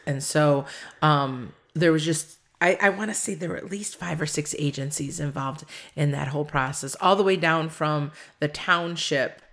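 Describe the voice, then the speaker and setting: A middle-aged American woman with a slightly low voice tells stories in a relaxed interview. She talks in a chatty, animated way and leans into each anecdote. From United States. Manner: animated storyteller, acts out quoted voices, laughs often. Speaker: farm restaurant owner, guest. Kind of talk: casual storytelling interview.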